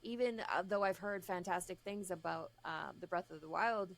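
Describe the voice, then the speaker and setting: A woman's voice: on the low side, moderate pace. A woman co-hosting a gaming podcast, chatting casually with a wry, sarcastic edge. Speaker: podcast co-host. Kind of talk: casual chat.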